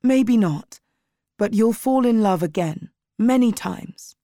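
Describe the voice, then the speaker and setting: A woman reading aloud and voicing a kind, patient male school librarian in a soft, lowered voice. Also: expressive, takes it slowly, no echo, studio quality. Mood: gentle.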